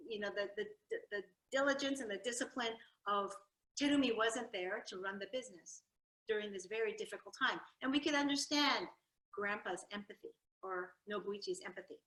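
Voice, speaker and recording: A woman telling her family's history at a library talk, lively and animated, acting out her grandfather's jokes. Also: mid-range voice, a little fast. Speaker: storyteller giving a library talk. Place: library event room. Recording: echoey room.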